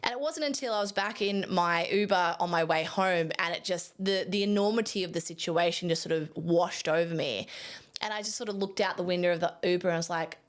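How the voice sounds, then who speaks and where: A young adult woman photographer tells a story straight to camera in an easy, chatty way. Her voice sits a little low for a woman, and she keeps it animated, laughing at herself now and then. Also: a little fast.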